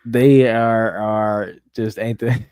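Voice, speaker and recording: A man's voice: fairly low pitch, little pitch movement, takes it slowly, a little mellow, clean tone, no room sound, studio quality. A young man co-hosting a sports podcast, talking emphatically and profanely in casual chat. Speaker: podcast co-host.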